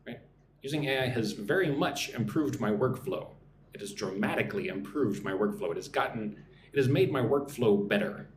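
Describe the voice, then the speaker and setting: A man teaching English vocabulary live, his pitch rising and falling with lively movement. He spells words out slowly syllable by syllable and keeps checking in with "right?", while his voice rings in an echoey room with a faint ambient hum behind it. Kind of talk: live-streamed vocabulary lesson.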